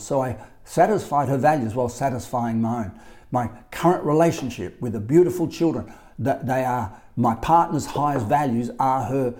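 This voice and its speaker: Australian man, life coach, solo podcast, mellow and emphatic, repeats his points. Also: mid-range voice. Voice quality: emphatic, repetitive.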